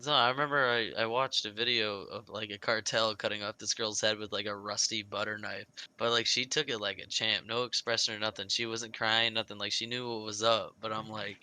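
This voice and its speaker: Bright-voiced guy firing off questions. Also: lowish voice, smooth, dry recording. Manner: reactive, quick questions, shouts when excited. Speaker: podcast co-host. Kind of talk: casual chat.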